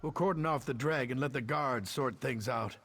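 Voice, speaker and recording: A man's voice: mid-range voice, moderate pace, noisy background, natural voice. An actor playing a wounded male soldier in a video game, speaking in an urgent, commanding way. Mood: relieved. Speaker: game character.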